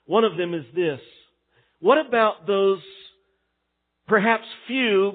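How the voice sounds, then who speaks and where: A man delivers a sermon from the pulpit, his voice pitched a bit high for a man. He rises to loud, emphatic peaks and then falls to quiet, hushed stretches. The sound is thin and tinny, like a phone line. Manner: dynamic preaching, swings from loud to hushed. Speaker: pastor.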